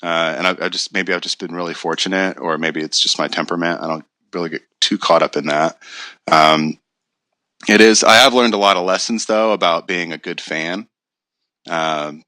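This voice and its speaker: Man, very deep voice, bright and forceful tone, reflective and hesitant, youth coach on a podcast. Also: moderate pace, dry recording. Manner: reflective, hesitant, many fillers. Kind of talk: casual podcast conversation.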